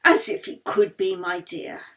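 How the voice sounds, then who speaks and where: A woman voicing a gracious, gentle older baroness who lives in pain, speaking politely. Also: mid-range voice, very animated, measured pace.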